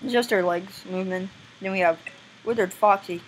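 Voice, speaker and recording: A young woman giving casual gameplay commentary, excitable and squealing now and then, often breaking into silly voices. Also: medium pitch, normal speed, a little hiss or hum, rough recording. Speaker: gameplay video maker.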